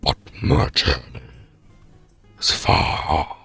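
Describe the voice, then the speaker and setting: A man voicing a weary, hopeful male traveler in whispered role-play, with a gravelly, breathy, solemn delivery. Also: rumbling low, fairly even intonation, bright, forceful tone, soft background music, voice pushed down, exaggerated voice. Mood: wistful. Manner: slow, solemn, wistful.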